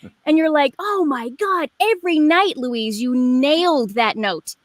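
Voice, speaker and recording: A woman in her forties, a guest performer telling a story in a rambling, animated way with lots of fillers over a video call. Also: high-pitched, measured pace, dry recording. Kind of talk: casual chat.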